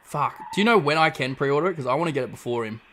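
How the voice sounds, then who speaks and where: A man's voice: on the high side, animated, very fast, noisy background. An Australian man hosting a livestream in casual chat, laid-back and swearing freely as he reads out chat messages. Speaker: livestream host.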